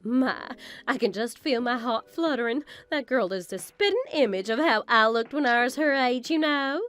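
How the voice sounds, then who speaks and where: A woman's voice: on the high side, moderate pace, fairly bright tone, soft background music, natural voice. A woman playing a vain, belittling middle-aged mother-in-law in a text-story drama. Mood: boastful. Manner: haughty, belittling, self-admiring.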